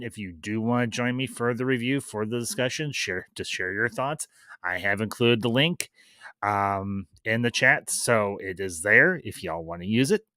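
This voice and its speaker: A man with a fairly low, bright, forceful voice hosts a live-stream review of a series in a dry recording. He chats loosely, with fillers, and greets viewers in the chat.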